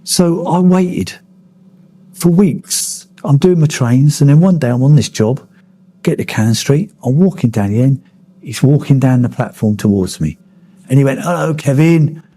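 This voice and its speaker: Blunt man with a husky voice. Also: mid-range voice, normal speed, dark tone. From Kent, England. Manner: blunt storytelling, swears freely. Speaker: interviewee, former miner. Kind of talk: oral history interview.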